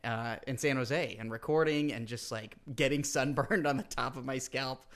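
A man's voice: medium pitch, normal speed, fairly bright tone. A man co-hosting a casual podcast, talking earnestly in bursts full of "like" and laughing often. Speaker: podcast co-host.

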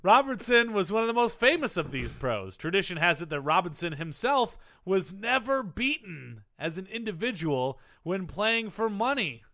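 A man co-hosting a comedy podcast, reading out trivia and cracking deadpan jokes. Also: high voice, normal speed, vocal fry, hardly any pauses. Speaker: co-host.

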